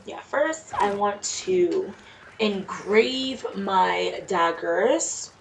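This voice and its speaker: A woman with a Jamaican accent chatting slowly through a game, exclaiming at what happens on screen. Her voice is gravelly and sits a bit far from the mic, with a faint hiss behind it. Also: mid-range voice, lively intonation. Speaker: let's play streamer. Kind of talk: casual gameplay commentary. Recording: distant mic with faint noise.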